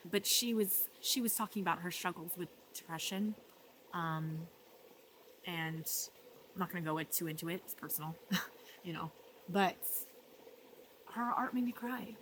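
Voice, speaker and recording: A woman talking earnestly in a personal vlog, emotional and reflective, often dropping softly and laughing between thoughts. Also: lowish voice, normal speed, slight background noise. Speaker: vlogger. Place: art residency.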